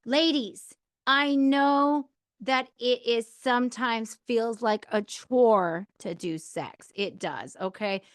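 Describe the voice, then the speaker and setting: A woman's voice: on the high side, slow pace, no room sound. Woman, podcast host, casual candid advice, filler-heavy, dry recording. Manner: candid, chatty, frequent fillers.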